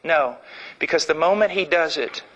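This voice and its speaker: A male preacher delivers a sermon with impassioned emphasis. His voice sits high, and his tone is bright and forceful. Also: moderate pace, lo-fi sound.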